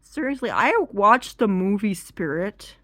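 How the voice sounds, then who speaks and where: A woman telling a comic story in an animated, excitable way that grows loud. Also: mid-range voice, a little slow, no echo. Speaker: comedian. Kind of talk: stand-up comedy storytelling.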